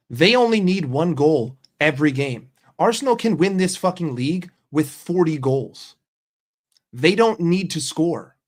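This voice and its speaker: Profane, ranting young guy. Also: a little high. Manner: profane, mocking and exasperated. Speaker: football vlogger. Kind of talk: ranting vlog.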